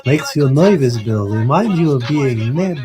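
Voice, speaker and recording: A man's voice: medium pitch, expressive, unhurried, over music, close to an everyday voice. A man doing a sly wheedling old fence.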